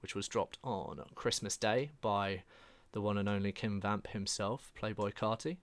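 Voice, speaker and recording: A man's voice: lowish voice, fairly even intonation, measured pace. A man hosting a music podcast in casual chat, joking dryly and hesitating often with "uh". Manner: dry jokey asides, frequent "uh" hesitations. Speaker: podcast host.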